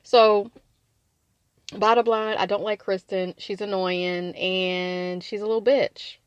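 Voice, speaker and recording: A woman hosting a casual podcast that recaps a reality show, blunt and profane, animated, laughing in bursts. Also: medium pitch, slow pace, smooth, no room sound, dull audio.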